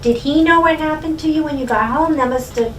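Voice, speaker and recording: A woman's voice: sits high, a little fast, fairly bright tone. A woman in the audience asking the speaker an earnest, slightly hesitant question at a library event. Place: library meeting room. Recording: echoey room, distant mic, faint noise.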